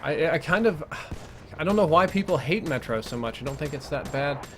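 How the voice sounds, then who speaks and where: Chatty male game streamer, slightly high. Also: animated, a little fast, slight background noise. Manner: chatty, reads viewer chat aloud between plays. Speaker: gaming livestream host. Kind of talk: casual live gameplay commentary.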